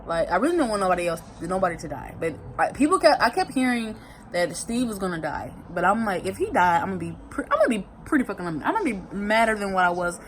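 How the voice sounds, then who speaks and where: A woman's voice: medium pitch, fast talker, slight background noise, poor audio. Rambling, emotional woman vlogger. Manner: emotional, rambling, repeats herself; colloquial, expressive. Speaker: vlogger recapping a TV season. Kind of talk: casual emotional recap.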